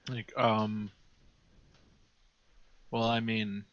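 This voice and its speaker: A man's voice: lowish voice, little pitch movement, extremely slow, no echo, dull audio. Hesitant male player in character. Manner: hesitant, casual, speaks in character.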